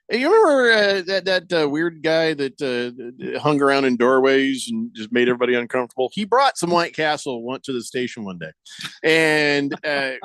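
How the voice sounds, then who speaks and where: A man's voice: mid-range voice, a bit bright, no room sound, studio quality. A male sports radio host with a wry, joking way of telling stories, reading out listener messages on air.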